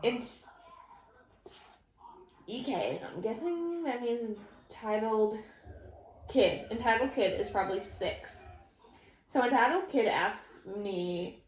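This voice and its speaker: A woman vlogger reading stories aloud in a casual, animated way, often laughing. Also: a little high, takes it slowly, pauses often. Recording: echoey room.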